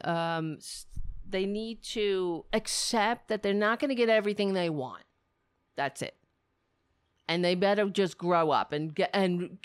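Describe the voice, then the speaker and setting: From her city apartment, a woman hosts a livestream and rants casually about politics in a sarcastic, profane, exasperated way. Her voice is medium-pitched with a clean tone.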